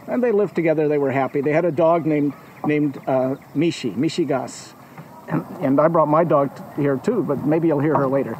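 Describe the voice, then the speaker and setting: A man tells a folk tale live with a playful, chatty manner and frequent asides. His voice sits high and rises and falls expressively. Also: a little hiss or hum, rough recording. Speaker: storyteller.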